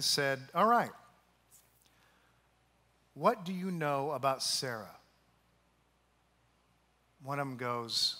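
A male pastor delivers a storytelling sermon, slipping into the voices of the people in his story and sometimes sinking to a hushed softness. His voice is bright and forward, pitched a little high for a man. It rings out into a large hall with a long reverb. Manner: storytelling, acting out quoted voices, dropping to soft hushed tones.

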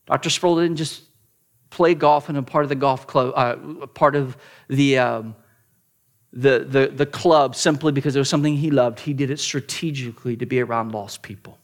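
A man preaching a sermon, telling a story with dramatic turns from loud emphasis to hushed near-whispers, often repeating the first word of a phrase. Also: mid-range voice, steady tone, moderate pace. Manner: repeats words at starts of phrases. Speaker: pastor.

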